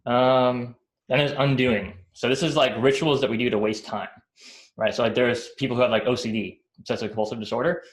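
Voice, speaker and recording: A man's voice: medium pitch, steady tone, fairly quick. A man giving a casual talk about emotions, rambling and checking in with "right?" after almost every point. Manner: rambling, many fillers like "right?" and "like". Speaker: speaker explaining psychology. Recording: echoey room.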